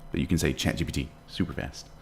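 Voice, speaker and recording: Low gravelly man chatting on a trading stream. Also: quick pace, a little hiss or hum. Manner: relaxed, chatty, answers chat questions while watching charts. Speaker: day trading livestream host. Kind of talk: casual live-stream chat reading viewer comments.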